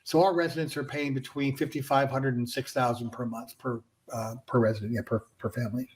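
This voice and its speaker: A man, a franchise founder and guest, explaining his business in a casual interview and filling pauses with "you know". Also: mid-range voice, steady tone. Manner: conversational, filler-heavy with frequent "you know".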